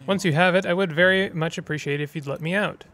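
A man's voice: high voice, fast talker, fairly bright tone. A man voicing a charming, theatrical male sidekick locked in a cage, speaking in a wry, courtly way. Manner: wry, courtly, self-amused.

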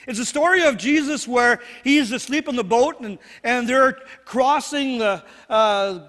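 A man's voice: extremely high pitch, measured pace, fairly bright tone. A man preaching a sermon as pastor, earnest and repetitive, often checking in with "right?". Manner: earnest, repeats phrases, asks "right?" often. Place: church sanctuary. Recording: long hall reverb.

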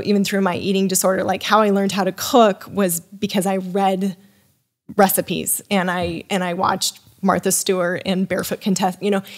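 A woman's voice: mid-range voice, darkish tone. A young adult woman, a sommelier guest on a podcast, chattily telling a rambling personal story full of restarts and acted-out dialogue. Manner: acts out quoted dialogue with her voice rising. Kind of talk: casual interview storytelling.

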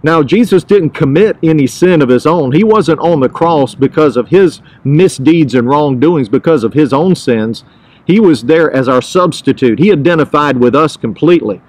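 Earnest pastor, a man with a higher voice. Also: animated, normal speed, a little mellow, rough recording. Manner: earnest, emphatic, repeats key phrases. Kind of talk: devotional podcast teaching.

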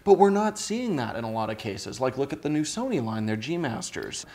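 A man's voice: mid-range voice, very animated, fairly quick, dark tone. A man, co-hosting with dry, wry humor. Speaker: co-host of camera gear show. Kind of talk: casual chat.

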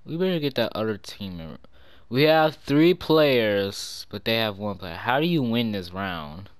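A young man casually commentating his own online game, cursing and trash-talking, with bursts of yelling. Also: on the low side, animated, unhurried, smooth, dry recording. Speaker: gaming channel host. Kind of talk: live gameplay commentary.

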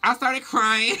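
A young man telling a storytime vlog in a sassy, profane, animated way. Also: very high-pitched. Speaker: vlogger.

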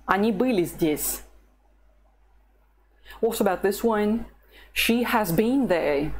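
Slow, patient woman teacher. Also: medium pitch, animated, darkish tone, a little hiss or hum. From Russia. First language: Russian. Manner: patient and encouraging, pausing for the listener to repeat. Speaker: language teacher. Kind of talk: slow, scripted language lesson.

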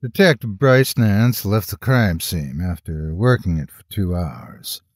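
A man reading a horror story aloud as a scripted narration in a measured storytelling manner, close to the mic. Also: dry recording. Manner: measured storytelling with lively pitch swings.

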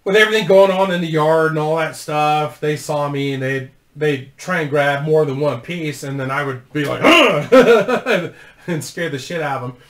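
A man's voice: fairly high pitch, steady tone, normal speed, reverberant. A man hosting his own channel, telling a casual story to camera in a rambling, profane way and laughing through it. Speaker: YouTube host.

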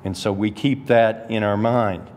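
A man's voice: on the low side, fairly even intonation, darkish tone, slight background noise. A man teaching Scripture in a sermon, explaining a passage point by point with emphatic rises. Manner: deliberate expository preaching with emphatic rises. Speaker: Bible teacher. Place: church sanctuary. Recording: long church hall reverb.

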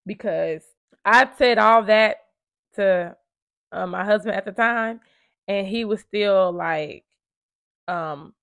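A woman's voice: medium pitch, slow, vocal fry, pauses often, no echo, clean studio sound. A woman in her thirties earnestly telling her own life story to camera in a conversational way. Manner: earnest, conversational, shifting from hushed to emphatic.

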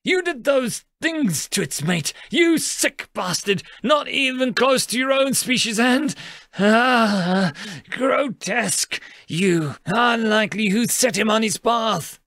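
A man voicing a furious young alien male, shouting and raging at the others. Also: extremely high pitch, animated, slow pace, no room sound, studio quality, voice pushed up, heavily acted. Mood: enraged.

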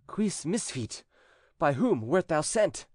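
A man's voice: a little high, big pitch swings, slow pace, a little mellow, dry recording, studio quality, voice pushed up, full character voice. A male narrator voicing a stern priest-exorcist who puts formal, commanding questions to a demon.

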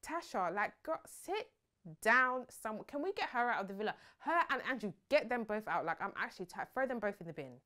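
A young woman giving sassy, animated commentary on a reality show and mocking people's lines in put-on voices. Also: on the high side. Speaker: reality TV reviewer. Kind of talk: casual opinionated commentary.

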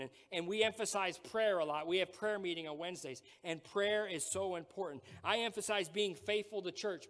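A man's voice: sits high, a bit bright. A man preaching a sermon as pastor, emphatic and repeating his key phrases. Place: church sanctuary. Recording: reverberant church hall.

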